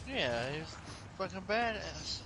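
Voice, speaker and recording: A man's voice: sits high, sing-song, unhurried, pushed and bright, a little hiss or hum. A man chatting casually with a friend over a game stream, laid-back with crude wisecracks. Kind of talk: casual gaming chat.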